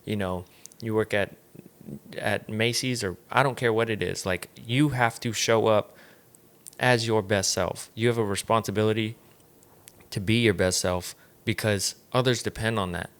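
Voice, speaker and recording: A man's voice: lowish voice, steady tone, normal speed. A man speaking as a guest on a podcast in casual chat, emphatic and swearing freely.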